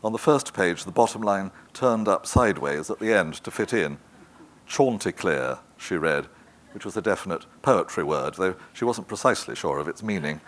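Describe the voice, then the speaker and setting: A man narrating a literary novel in a measured, even manner. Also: deep voice. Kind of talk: scripted audiobook narration.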